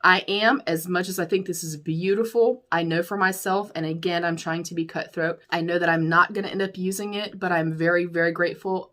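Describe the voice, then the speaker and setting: A fairly bright, lowish female voice belongs to a young beauty YouTuber from the U.S. She laughs frequently and says "y'all" to her viewers while candidly chatting through a makeup declutter in a casual product review.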